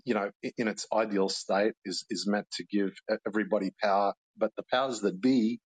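A man's voice: fairly low pitch, darkish tone, husky, dry recording, low-quality recording. A man calling in to a podcast, stammering and restarting his sentences often. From Australia. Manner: stammering, halting, many restarts. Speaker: caller. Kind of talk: casual call-in chat.

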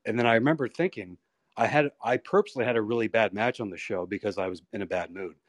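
A male pro wrestler in his thirties, a guest on a podcast, telling candid, profane stories in a rambling, animated way. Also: lowish voice, fast, no room sound. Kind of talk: candid storytelling interview.

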